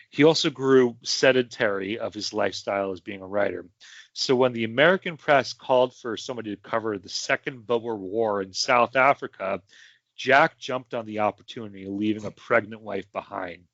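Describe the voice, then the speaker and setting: A man's voice: lowish voice, moderate pace, fairly bright tone, no echo. Rambling man telling history casually. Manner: rambling, many fillers and asides. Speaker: podcast host. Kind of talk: casual storytelling chat. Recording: dry, muffled home podcast mic.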